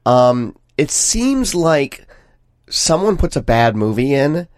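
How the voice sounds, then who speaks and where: A man hosting a film podcast, sick and talking through a nasal, stuffed-up voice, chatty and quick to laugh. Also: medium pitch, big pitch swings, a little mellow, dry recording, clean studio sound. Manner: chatty, laughs often, friendly introductions. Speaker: podcast host. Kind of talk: casual film podcast chat.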